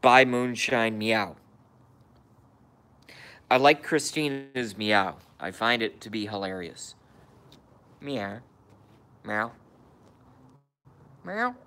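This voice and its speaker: A man's voice: lowish voice, bright, forceful tone. A man casually chatting on a live stream, grumbling and cursing at himself. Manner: profane, self-deprecating grumbling. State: hiccups.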